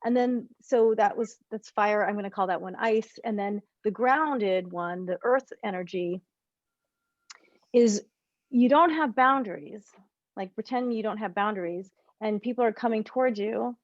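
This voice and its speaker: A woman's voice: mid-range voice, a little slow, no echo. A woman coach leads a group session over a video call, talking through ideas in loose, rambling bursts and correcting herself mid-sentence. The audio is a little dull and dry, with no room sound. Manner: rambling, self-correcting, animated explanations. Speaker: relationship coach.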